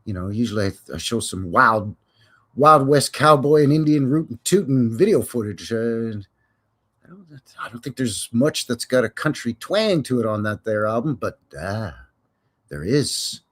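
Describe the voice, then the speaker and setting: Folksy husky-voiced man hosting a stream. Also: medium pitch, expressive, moderate pace. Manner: folksy, rambling, joking, cowboy slang. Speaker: live stream host. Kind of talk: casual live stream chat.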